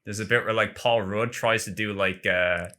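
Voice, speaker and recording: A man's voice: fairly low pitch, fairly even intonation, normal speed, sharp tone. A man chatting casually on a gaming podcast, rambling and filling his talk with "like". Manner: rambling, heavy use of "like". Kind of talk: casual chat.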